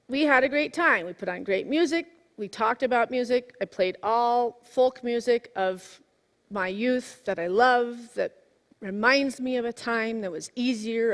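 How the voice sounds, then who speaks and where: A woman in her forties giving a sermon, telling a personal story in a lively way that swings from hushed to exclaiming. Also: medium pitch. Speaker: minister. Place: church sanctuary. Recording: long hall reverb.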